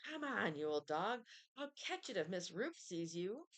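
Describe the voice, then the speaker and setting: A woman's voice: medium pitch, big pitch swings, measured pace. A woman voicing an eager young boy who coaxes and pleads with his dog, in a storybook reading. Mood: coaxing.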